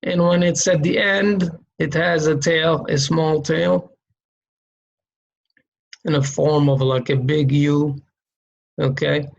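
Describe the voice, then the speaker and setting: A man's voice: on the high side, steady tone, takes it slowly, gravelly, pauses often, dull audio. A man teaching a reading lesson, explaining letter shapes and sounds step by step, patiently repeating each sound and checking in with "okay?". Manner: demonstrates sounds by repeating them.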